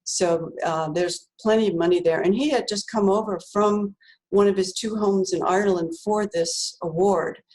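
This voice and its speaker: A woman's voice: mid-range voice, steady tone, moderate pace, darkish tone, rough recording. Older lady author telling a story, lots of ums and laughs, chatty. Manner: chatty, laughs often, many fillers. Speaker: guest author. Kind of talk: animated storytelling.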